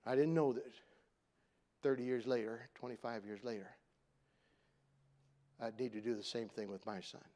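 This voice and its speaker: A middle-aged man preaching a sermon, telling a family story in a conversational way. He climbs loud for emphasis and then drops to a soft, low voice. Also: steady tone, moderate pace, long pauses. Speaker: pastor.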